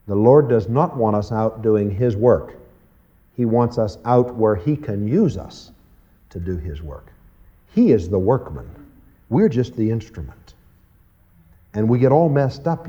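Animated preacher, folksy and mellow. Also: male voice. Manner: animated, acts out quoted voices with big pitch jumps; folksy, conversational, frequent "you see" and "okay". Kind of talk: evening Bible teaching. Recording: muffled lo-fi recording.

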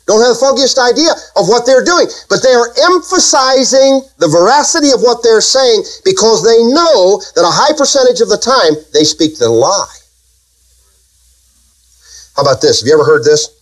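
A man's voice: extremely high pitch, very animated, normal speed, low-quality recording. A man preaching a sermon, emphatic and full of rhetorical questions to his congregation.

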